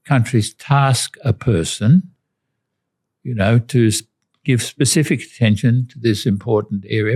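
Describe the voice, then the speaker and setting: An older Australian man, a retired diplomat, recounting anecdotes in an interview in a measured way with restarts. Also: mid-range voice, a little mellow. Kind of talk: interview storytelling.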